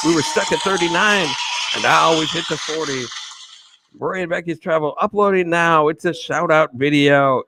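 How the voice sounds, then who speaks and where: A man's voice: fairly high pitch, a little slow. Upbeat man hosting a live stream. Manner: enthusiastic, rambling, repeats himself. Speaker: livestream host. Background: faint music.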